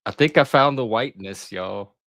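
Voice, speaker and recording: A man's voice: fairly low pitch, normal speed, a bit bright, no room sound. A man hosting a casual group chat, joking and laughing often. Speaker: podcast host.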